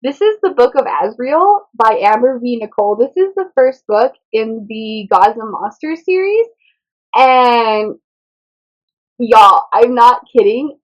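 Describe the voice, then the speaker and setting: A woman's voice: on the high side, very animated, takes it slowly. Chatty bubbly woman, slightly muffled. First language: Spanish. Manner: bubbly, chatty, says "y'all" and "like" a lot. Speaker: booktube host. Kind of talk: casual book haul chat.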